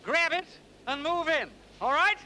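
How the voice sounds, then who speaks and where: Posh lord, jaunty and clipped, high bright voice, faint hiss on old tv tape. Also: male voice, lively intonation, measured pace, full character voice. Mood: breezy commanding. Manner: jaunty, clipped aristocratic banter. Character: breezy upper-class English lord, gentleman detective. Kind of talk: 1970s TV crime drama acting. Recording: 1970s TV film sound, light hiss.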